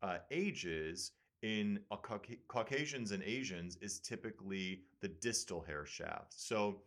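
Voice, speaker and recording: A man's voice: fairly low pitch, animated, measured pace, a bit bright. A man with a Midwestern American accent, a surgeon hosting a casual medical talk show and explaining studies with fillers. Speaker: surgeon and podcast host.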